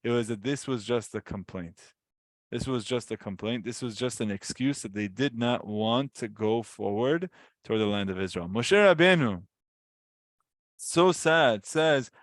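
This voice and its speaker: Animated man teaching a Torah lesson. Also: medium pitch, a little slow, no echo. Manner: animated storytelling, acts out complaining voices. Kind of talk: casual weekly Torah lesson.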